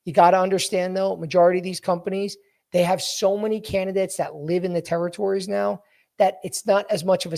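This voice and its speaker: Guy w a gravelly voice coaching folks thru a resume, blunt and direct, keeps saying guys. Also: sits high, mellow. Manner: direct and blunt, addresses listeners as "guys" and repeats key points. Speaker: podcast host and sales coach. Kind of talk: coaching talk, walking through a resume on screen.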